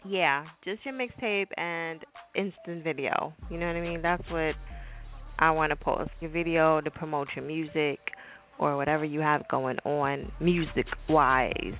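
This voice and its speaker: A woman's voice: steady tone, unhurried. A woman hosting a call-in radio show, talking in a blunt, profane, chatty way. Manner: acts out voices in high squeaky tones. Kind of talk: casual call-in radio talk. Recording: tinny phone-line sound with music behind.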